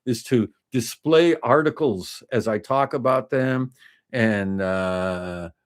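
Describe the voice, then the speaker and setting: Man in his fifties, livestream host, casual rambling talk, mid pitch, chatty with viewers. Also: slow. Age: 50s. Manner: rambling, many restarts and fillers, chatty with viewers. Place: home desk, indoors.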